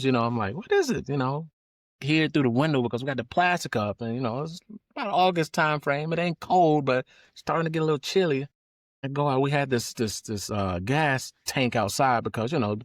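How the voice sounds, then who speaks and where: A middle-aged man tells rural childhood stories in a loose, folksy way, swearing now and then. His voice sits low, and the recording is dry and close with no room sound. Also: no room sound. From Georgia, USA. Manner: folksy, swears casually, animated when telling stories. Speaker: podcast host. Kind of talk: casual storytelling.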